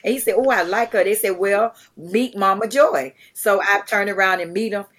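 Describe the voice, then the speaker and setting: A middle-aged woman, an interview guest telling stories in a lively way, acting out the lines of people she quotes. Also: mid-range voice, moderate pace, breathy edge. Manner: animated, acts out quotes, many restarts. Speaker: guest, charity founder. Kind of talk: conversational storytelling.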